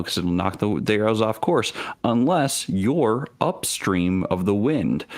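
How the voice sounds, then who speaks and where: Deep-voiced man explaining game rules. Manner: thoughtful, explanatory, with fillers. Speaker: panelist on a tabletop gaming stream. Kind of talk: casual chat about game mechanics. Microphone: studio microphone.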